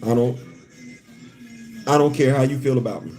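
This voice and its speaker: A man's voice: mid-range voice, steady tone, normal speed, warm tone, faint music behind. Chatty laughing man hosting a livestream. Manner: laughs often, stammering restarts, heartfelt asides. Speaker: livestream host. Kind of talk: casual live-stream chat.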